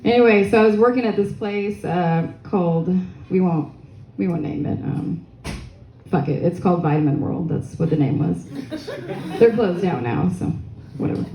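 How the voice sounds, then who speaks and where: A young woman working through a crude, self-mocking stand-up set with a rambling, loose delivery. Her voice is mellow and dark-toned, and it bounces around an echoey club room over a faint hiss. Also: fairly low pitch, moderate pace. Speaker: stand-up comedian. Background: audience laughter.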